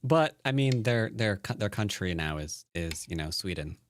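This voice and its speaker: A man who teaches Go, chatting casually on a live stream, playful and jokey with quick restarts, sounding tired from little sleep. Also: fairly low pitch, expressive, a little hiss or hum. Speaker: Go player and teacher streaming a game. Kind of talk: casual live-stream commentary answering chat.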